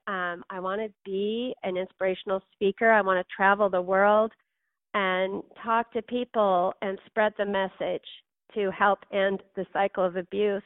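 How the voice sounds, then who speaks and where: A woman's voice: mid-range voice, dry recording. Woman guest, heartfelt emotional storytelling, phone-line sound, dry. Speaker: guest author. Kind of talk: podcast interview.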